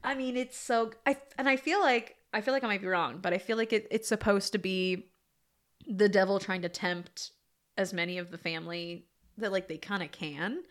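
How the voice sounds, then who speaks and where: A woman co-hosting a casual movie podcast, animated and quick to laugh as she acts out scenes. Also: mid-range voice. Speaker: podcast co-host.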